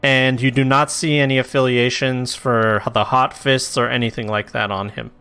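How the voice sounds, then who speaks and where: A man's voice: mid-range voice, little pitch movement, normal speed, pushed and bright, smooth. A man narrating a tabletop role-playing game as game master, casual and loose, with plenty of swearing.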